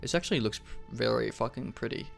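A young let's play gamer casually comments on his game, swearing a lot and cracking self-deprecating jokes. His mid-range voice is quick and creaky, with soft music playing behind him.

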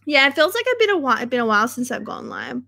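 A woman's voice: sits high, big pitch swings, fast, vocal fry, sharp tone. Chatty, foul-mouthed young woman streamer. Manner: chatty, swears freely, dramatic. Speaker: livestream host. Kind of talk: casual livestream chat.

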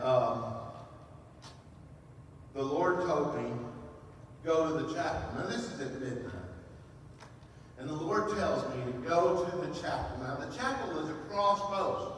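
A man preaching a sermon from a fairly high-pitched voice, telling stories with back-and-forth dialogue in a plain, conversational manner. He is picked up from a distance in a church with a long, echoing reverb and a faint hum of room noise. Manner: storytelling with quoted dialogue, conversational and animated. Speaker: pastor. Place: church sanctuary. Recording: echoey church hall, voice from a distance.

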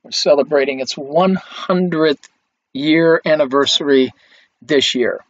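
A man's voice: fairly high pitch, a little slow, no room sound. A man giving a conversational film history lecture, with many fillers and restarts. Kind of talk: recorded lecture. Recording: dull lo-fi, dry recording.

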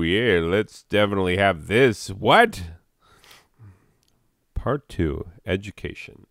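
A man hosting his own channel in a rambling comedic monologue, deadpan, self-mocking and wandering off topic. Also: low-pitched, slow, pauses often, no echo, studio quality. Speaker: channel host.

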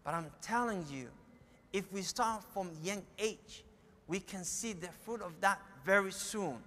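A man's voice: high voice, measured pace, sharp tone. A middle-aged man with a Somali accent giving a sermon, telling a family story and acting out the dialogue. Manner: storytelling, acts out quoted dialogue. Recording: echoey hall.

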